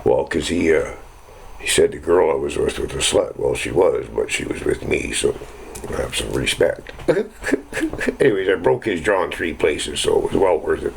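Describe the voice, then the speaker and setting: Middle-aged man, deep gravelly voice, rambling and profane, faint background noise. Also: rough recording. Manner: rambling, swears constantly, chuckles at own stories. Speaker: vlogger telling stories. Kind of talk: casual profane storytelling.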